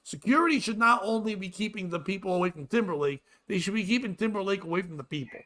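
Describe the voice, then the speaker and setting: A man in his forties, a podcast host, ranting crudely and loudly in comedic chat. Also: high-pitched, fast talker. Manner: profane, loud, animated ranting.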